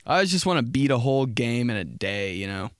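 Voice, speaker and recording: Young male podcast host, loose profane comic monologue, mid-pitched, dead-dry close mic. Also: big pitch swings, fairly bright tone, smooth, dry recording. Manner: rambling, profane, acts out quick mock exchanges. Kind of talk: casual comedic monologue.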